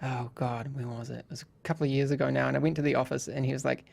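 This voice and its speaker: Gravelly-voiced man hosting a podcast. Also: mid-range voice, flat delivery, racing, a little mellow. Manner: chatty anecdotal storyteller, many restarts. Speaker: podcast host. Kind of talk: casual podcast chat.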